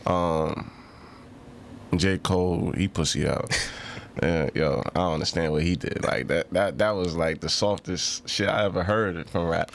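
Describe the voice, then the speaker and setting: A man with a New York accent co-hosts a podcast, bantering casually in a laid-back, slangy way and laughing often. His voice is low and steady with vocal fry, and he talks a little slowly. There's slight background noise.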